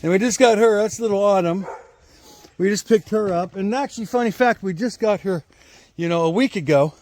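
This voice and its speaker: A man's voice: high voice, fairly quick, darkish tone, slight background noise. A man doing a casual vlog while feeding his goats outdoors, talking to the camera in chatty asides and cooing at the animals in a sing-song. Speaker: homesteader. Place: outdoors at a goat pen.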